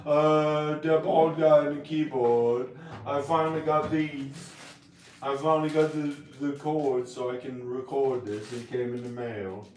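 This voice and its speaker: A man rambling to camera in a casual monologue, jumping between topics with sudden loud laughing outbursts. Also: medium pitch, flat delivery, unhurried, distant mic. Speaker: vlogger. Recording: echoey room, voice off mic.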